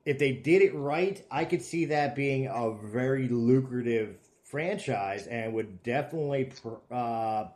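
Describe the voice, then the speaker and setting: A middle-aged man hosts a loose, casual chat in his ordinary voice, pitched right in the middle. He talks with animated energy, laughing often and dropping casual swears. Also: unhurried, few pauses. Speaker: podcast host.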